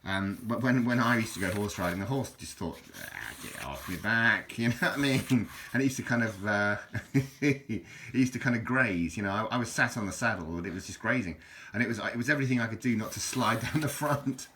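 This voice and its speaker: Low-voiced rambling man. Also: a little fast, a bit bright, a little hiss or hum. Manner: rambling and hesitant, with frequent fillers, repeats and chuckles. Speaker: vlogger reviewing a book. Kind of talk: casual chat.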